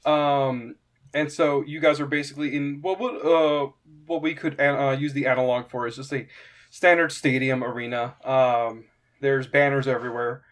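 A man narrating a tabletop game as game master, halting and casual. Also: medium pitch, steady tone, fairly bright tone. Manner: halting, lots of fillers and restarts.

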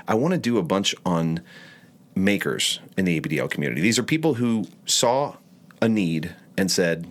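A man's voice: low voice, expressive, normal speed. A man co-hosting a podcast in casual chat, talking in a thoughtful way with searching restarts. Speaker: podcast co-host.

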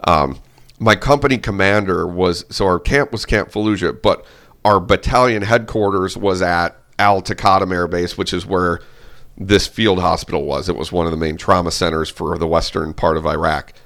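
Lower-voiced man telling a war story. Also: normal speed, gravelly. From Minnesota. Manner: animated, swearing, acts out quotes in raised voices. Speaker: guest, veteran telling his story. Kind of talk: casual storytelling interview.

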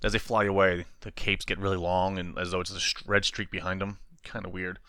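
Bright-voiced guy on a chatty podcast, giggly, mimics lines in silly voices. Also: level tone, fairly quick, clean tone, no echo, studio quality. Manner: laughs often, acts out lines in high mocking voices. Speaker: podcast co-host. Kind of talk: casual comic book podcast chat.

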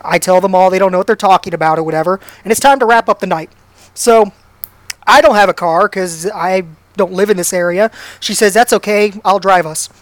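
A man's voice: high-pitched, a little fast, no room sound. Man, easygoing storyteller, self-mocking, dry close sound. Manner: laid-back, self-deprecating storytelling. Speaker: storyteller guest. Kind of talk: casual anecdote telling.

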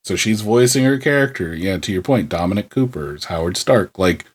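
A man in casual podcast banter, his pitch moving widely up and down. He talks loosely, with casual swearing and animated outbursts. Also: fairly quick, breathy edge. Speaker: podcast co-host. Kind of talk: casual chat.

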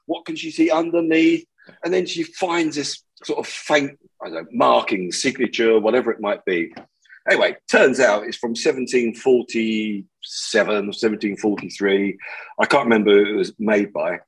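A man's voice: lowish voice, normal speed, slightly rough, low-quality recording. A man, a podcast guest, chatting casually and telling funny anecdotes, laughing often. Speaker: podcast guest, removals business owner. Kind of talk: casual storytelling chat.

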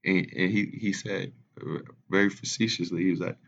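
A man in his twenties telling a family story in casual podcast chat, animated and laughing often. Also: sits low, moderate pace, creaky, dull audio. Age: 20s.

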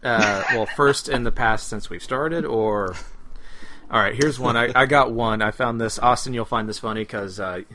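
A man's voice: medium pitch, normal speed, bright, forceful tone, a little hiss or hum. A man co-hosting a podcast in casual chat over a remote call, rambling and joking with frequent restarts. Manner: rambling, jokey, trails off with restarts. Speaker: podcast co-host. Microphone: remote call mic.

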